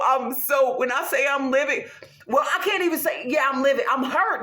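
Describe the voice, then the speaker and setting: A woman's voice: high-pitched, moderate pace. Profane ranting woman in an echoey room. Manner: profane, animated, laughing often. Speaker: vlogger. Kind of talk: casual rant to camera. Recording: roomy echo.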